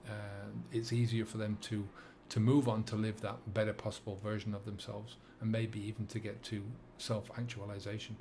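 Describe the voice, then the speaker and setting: A middle-aged man with a Dublin accent speaks in a slightly low voice as a sobriety coach. He talks earnestly and reflectively, often pausing on fillers and restarting his sentences. A faint hum of ambient noise sits under his voice. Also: level tone, mellow. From England and Ireland. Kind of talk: reflective monologue to camera.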